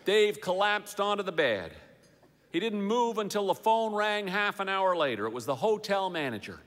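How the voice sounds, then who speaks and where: A man reading a funny story aloud, wry and dry in delivery, with a high, lively voice that swoops around. The sound hangs in a long hall reverb. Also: moderate pace.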